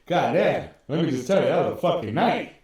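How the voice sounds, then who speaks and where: A man co-hosting a podcast tells rambling, profane stories in casual chat, his slightly high, darkish voice moving fairly quickly with a sing-song lilt. The room is echoey and the mic sounds distant.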